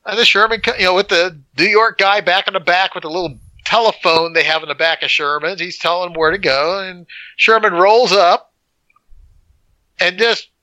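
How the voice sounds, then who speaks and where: A man co-hosting a casual movie review podcast, telling a scene as an animated storyteller who acts out the moments. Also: sits high, moderate pace, no room sound, low-quality recording. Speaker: podcast co-host.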